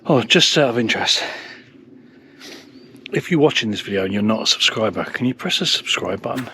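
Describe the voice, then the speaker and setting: This mid-range male voice is expressive, brisk and bright, with a forceful tone and a little hiss or hum on the audio. He's talking casually to the camera as he wild camps on a snowy hillside, joking at his own expense and still a bit winded from the hike up.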